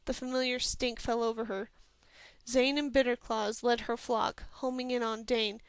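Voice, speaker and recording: A woman reading a fantasy novel aloud as a steady, even storyteller from a home recording. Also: fairly high pitch, normal speed, smooth, no echo. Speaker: audiobook reader. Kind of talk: scripted fantasy novel narration.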